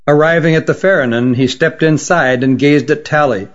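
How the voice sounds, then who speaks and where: A man narrating a fantasy story in a steady, even storytelling manner. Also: on the high side, normal speed, dull audio. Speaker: audiobook narrator.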